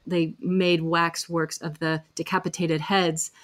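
Measured woman explaining history. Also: on the low side, flat delivery, fairly bright tone. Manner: measured, with repeated words. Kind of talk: explanatory storytelling.

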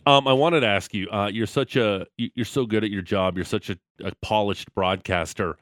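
A man's voice: on the low side, moderate pace, a bit bright, no room sound, studio quality. A male radio host bantering playfully and joking with his co-host and guest. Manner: playful, joking, goofy impressions.

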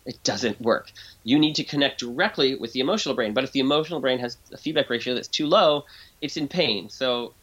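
A man serving as an interview's guest expert explains things in an energetic, casual way. He keeps restarting sentences and mimics people's voices as he quotes them. His voice is mid-range and fairly quick, and the sound is lo-fi.

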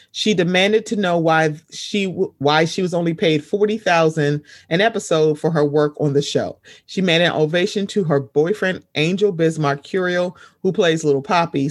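A man's voice: a little high, dry recording, clean studio sound. A man reading an article aloud and breaking off to add his own emphatic commentary.

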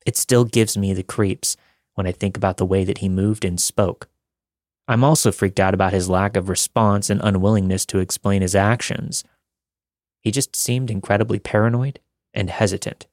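Low-voiced man narrating scary stories. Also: no room sound, clean studio sound. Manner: steady, measured reading of first-person accounts. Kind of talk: scripted horror story narration.

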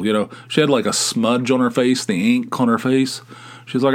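A middle-aged man from West Virginia, a podcast host, telling rambling, animated stories with chuckles in a casual style. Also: mid-range voice, moderate pace. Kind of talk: casual anecdotal storytelling.

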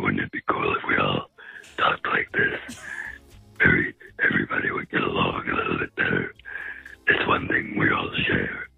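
A man doing a gravelly, raspy growl of a voice, repeating the same sentence slowly. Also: a bass voice, no echo, lo-fi sound, pitched below the performer's own voice, full character voice.

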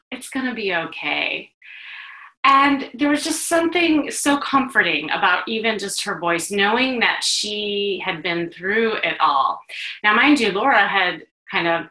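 A middle-aged woman from the Chicago area hosts a podcast and tells a personal story in a lively, animated way, laughing now and then. Her voice is bright and clear. The room around her sounds echoey. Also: medium pitch. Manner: animated, laughs while telling stories. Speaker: podcast host. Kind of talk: storytelling monologue. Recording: roomy echo.

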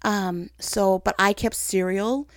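A woman with a medium-pitched voice speaks slowly as she hosts a casual chat about faith, recorded at studio quality with no room sound. She's chatty and self-teasing, voicing her own thoughts as she animates her stories.

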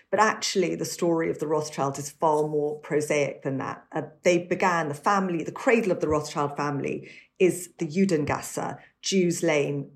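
Brief: deep-toned woman author giving fluent, detailed answers as a podcast guest. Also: darkish tone. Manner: fluent, detailed historical storytelling. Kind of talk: interview answers.

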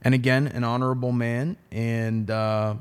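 A man's voice: medium pitch, flat delivery, normal speed, clear, resonant tone. A man who is a defense attorney, telling a story in a casual podcast chat with emphatic, profane language.

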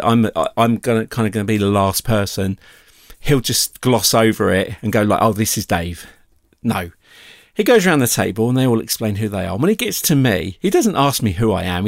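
A middle-aged man telling a personal story in a casual, animated way, acting out the voices he quotes. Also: lowish voice, no echo, studio quality.

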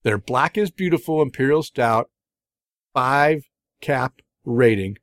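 A middle-aged man talks through his beer reviews in a loose, rambling podcast chat, piling on fillers and restarts. His voice sits at an ordinary middle pitch. He is recorded close up in a very dry space with no room sound. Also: animated, slow pace, no room sound.

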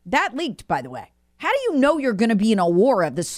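A woman's voice: a little high, wildly swooping pitch, a little fast, few pauses, no echo, clean studio sound. Alarmed, insistent woman commentator. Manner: alarmed, insistent, repeats words for emphasis. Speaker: guest commentator. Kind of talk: emphatic political commentary.

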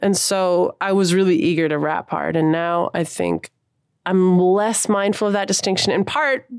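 A woman's voice: on the low side, normal speed, a little mellow, smooth, no room sound, studio quality. A woman musician in her thirties, talking casually and thoughtfully in an interview, using slang and laughing often. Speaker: musician guest.

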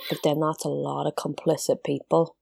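A woman co-hosting a podcast in casual chat, going off on chatty tangents and quick asides. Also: deep voice, flat delivery, creaky, darkish tone. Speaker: podcast co-host.

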